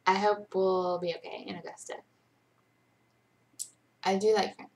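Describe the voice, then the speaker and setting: Slow-talking young woman chatting live. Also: mid-range voice, level tone, a little mellow. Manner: chatty, rambling, self-deprecating. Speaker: livestream host. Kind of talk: casual live Q&A chat.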